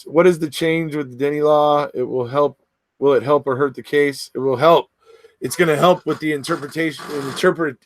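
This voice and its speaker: A man with a voice on the high side hosts a casual livestream without any echo. He reads viewer comments aloud and responds chattily, with frequent restarts and fillers.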